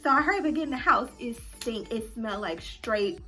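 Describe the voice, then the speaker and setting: Bright, animated young woman telling a story. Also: high voice, quick pace, faint music behind. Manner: animated and dramatic, talks straight to viewers. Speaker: vlogger. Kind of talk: casual storytelling to viewers.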